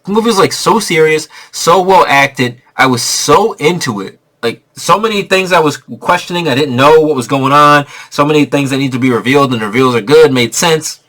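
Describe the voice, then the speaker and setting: A man's voice: on the high side, normal speed, hardly any pauses, fairly bright tone. A man giving a casual, rambling movie review, full of fillers and swearing. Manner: rambling, profane, filler-heavy.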